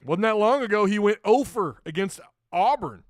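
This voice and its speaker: A man's voice: sits high, lively intonation, normal speed, no room sound, studio quality. A man hosting a casual sports talk livestream, rambling and chuckling often, reading viewer comments and sponsor plugs. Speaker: sports talk show host.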